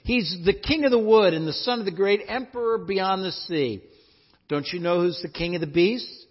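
A man's voice: high voice, normal speed. A man reading aloud as a stern, motherly female beaver, in a scolding, emphatic manner, recorded in an echoey hall with dull, lo-fi sound.

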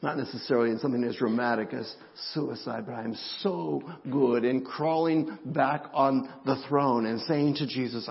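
A middle-aged man preaching a sermon as pastor, emotional, moving between hushed, halting passages and rising, intense ones. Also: mid-range voice, gravelly. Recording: muffled sound in a reverberant hall.

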